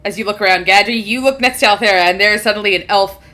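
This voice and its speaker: A woman's voice: medium pitch, very fast, sharp tone. A woman narrating as game master of a tabletop game, giggly and rambling with many fillers.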